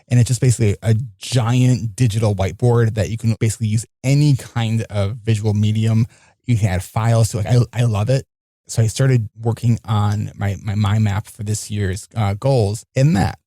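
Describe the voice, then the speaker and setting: A man's voice: fairly low pitch, fairly even intonation, moderate pace, mellow, no echo, clean studio sound. A man hosting a podcast in casual chat, rambling and often restarting his sentences. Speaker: podcast host.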